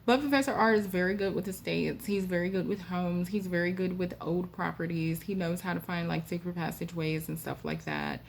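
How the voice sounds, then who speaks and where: A woman host telling a spooky personal story in a chatty, animated way with frequent asides to the listener. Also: fairly low pitch, a little fast, gravelly, hardly any pauses, a little hiss or hum. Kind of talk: casual storytime.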